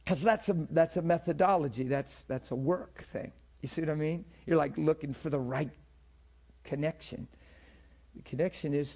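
A man delivers a sermon-style teaching to a live class in a fairly high voice. He talks conversationally, stopping often to check that his listeners follow. He repeats words as he builds toward a point. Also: normal speed, a little mellow.

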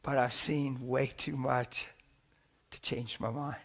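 A man preaching a sermon, telling stories with animated swings from shouts to hushed whispers and laughing as he talks. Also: medium pitch, takes it slowly, gravelly, slight background noise. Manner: laughs while talking.

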